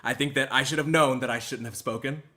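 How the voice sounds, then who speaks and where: A man hosting his own channel, reacting to clips with sarcastic, stammering fake apologies that swing between loud and hushed. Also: mid-range voice, fairly even intonation, fast talker.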